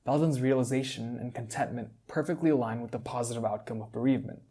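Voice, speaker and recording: A man narrates a fantasy tale in a calm, measured reading voice. His tone is dark and mellow, with a husky, slightly breathy texture. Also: mid-range voice. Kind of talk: storytelling narration.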